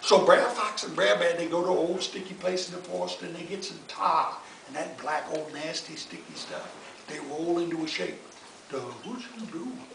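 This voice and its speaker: A man telling folk tales to his family in an animated, folksy way. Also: high-pitched, normal speed, vocal fry. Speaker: family storyteller. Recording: distant echoey noisy home recording.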